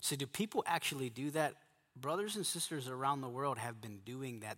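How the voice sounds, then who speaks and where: A man's voice: mid-range voice, lively intonation, normal speed, a bit bright, long reverb tail. A middle-aged male pastor preaching emphatically to men, repeating his key phrases. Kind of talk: sermon to a men's gathering.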